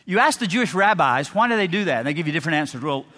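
A man preaching a sermon with animated storytelling, moving between a mock commercial voice and quiet, earnest prayer. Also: fairly high pitch, rapid-fire, in a large hall.

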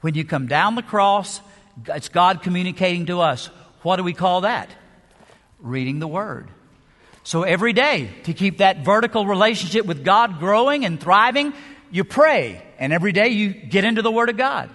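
A man's voice: high-pitched, animated, normal speed, fairly bright tone. A man preaching a sermon as pastor, emphatic, with rhetorical questions and shifting pace. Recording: long hall reverb.

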